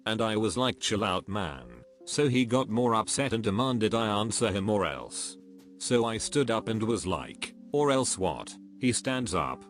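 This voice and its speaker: A man reading first-person stories aloud as scripted narration, in a flat read-aloud manner. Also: fairly low pitch. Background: faint background music.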